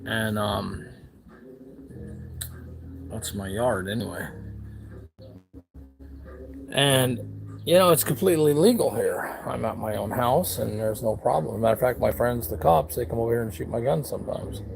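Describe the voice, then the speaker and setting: A man's voice: mid-range voice, lively intonation, unhurried, vocal fry, long pauses, darkish tone, low-quality recording. A man from the United States talking bluntly in a rambling, casual vlog on his back deck outdoors, with lots of fillers and restarts. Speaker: vlogger.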